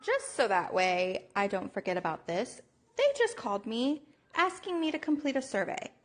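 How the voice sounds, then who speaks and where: A woman podcast co-host telling a story in an animated, profane rant. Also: a little high, moderate pace, slight background noise. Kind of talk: casual ranting story.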